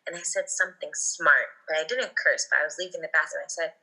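Bright, lower-pitched woman telling a story. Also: fast, poor audio. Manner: emotional, vivid retelling with quoted dialogue. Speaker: guest. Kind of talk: casual storytelling.

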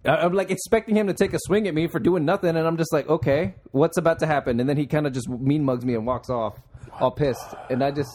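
A man's voice: a little high, quick pace, a little mellow, slight background noise. A young man hosting a podcast, telling a rambling story with frequent swearing and laughter. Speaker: podcast host. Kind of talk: casual podcast chat.

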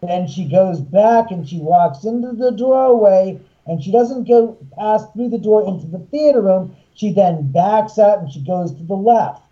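A man, a haunted house owner and filmmaker, telling an animated story and acting out the voices of the people in it. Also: sits high, unhurried, hardly any pauses, lo-fi sound. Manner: acts out quoted voices, excitable.

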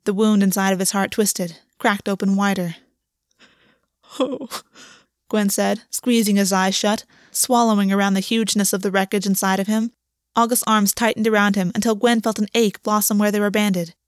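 A woman's voice: mid-range voice, level tone, brisk, no echo. Woman reading fiction in a dry close voice. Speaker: audiobook reader. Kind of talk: scripted fiction narration.

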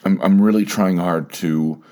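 A man with a very low voice hosts a solo podcast, speaking haltingly and often starting over or repeating himself. He sounds emotional and close to tears as he thinks aloud. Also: steady tone, warm tone. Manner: halting, repeats words, fillers, openly emotional. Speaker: podcast host.

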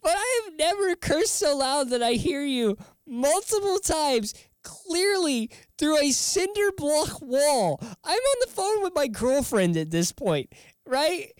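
A man hosting a casual sports talk show, rambling and animated, often chuckling as he talks. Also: very high-pitched, slow pace, no echo.

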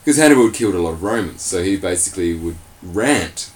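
A man in a casual comedic chat, explaining history in an animated, laughing way. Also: low-pitched, fast, poor audio. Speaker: resident historian.

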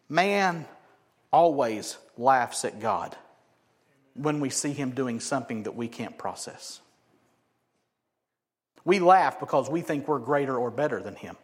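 A man preaching a sermon, acting out quotes loudly and then dropping to quiet asides. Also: medium pitch. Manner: animated, swings from loud acted-out quotes to quiet asides. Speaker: pastor.

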